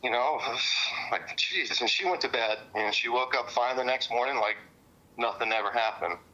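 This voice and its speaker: Man, witness, rambling and profane, sharp tense voice, muffled phone-line sound. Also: medium pitch, moderate pace. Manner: rambling with many fillers and cussing. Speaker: witness interviewed by police. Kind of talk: casual recounting.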